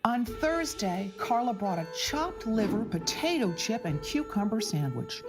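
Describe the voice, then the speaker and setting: A woman narrating a children's storybook aloud for English learners, slow and expressive. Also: mid-range voice. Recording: background music.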